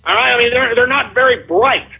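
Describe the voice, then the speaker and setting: A man's voice: very high-pitched, fairly quick, creaky. A man hosting a call-in radio show, ranting heatedly with lots of profanity and repetition. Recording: lo-fi phone-like sound.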